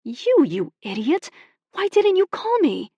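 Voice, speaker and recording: A woman narrator voicing an upset young woman, with lines pitched high and spoken emphatically. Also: huge pitch swings, slow pace, warm tone, no room sound, lo-fi sound, full character voice. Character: young woman, upset and hurt, quick-tempered.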